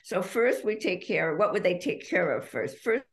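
A woman author talking candidly as a podcast guest, self-deprecating and quick to laugh. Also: on the low side, very animated. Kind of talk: casual podcast interview.

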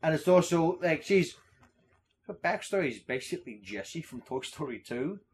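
Podcast host dude, kinda high voice, rambles and laughs, swears a bunch. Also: male voice, animated, moderate pace, a little mellow. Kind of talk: casual podcast chat.

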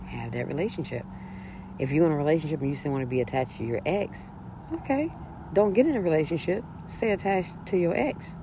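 Outdoors in a breeze, with noise in the background, a woman vlogger speaks in a low voice. Her casual monologue is a blunt, profane rant, and she hammers her points home by repeating them.

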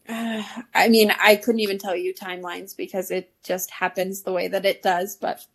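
A woman in her thirties, a podcast guest telling a story in casual chat, laughing often and using many fillers. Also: medium pitch.

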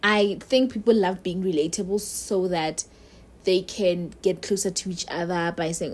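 A young adult woman vlogger speaks straight to the listener, telling a personal story in a chatty, candid way. Her voice sits on the low side, with a steady tone and moderate pace.

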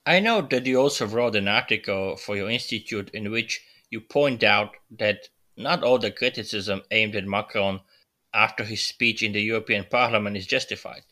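A man's voice: fairly low pitch, normal speed, pushed and bright. A male interviewer asking formal, probing questions. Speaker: interviewer, host.

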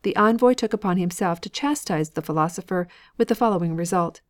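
A woman narrating an audiobook, reading a nonfiction text in a steady, even way. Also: lowish voice, a little fast. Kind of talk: scripted narration.

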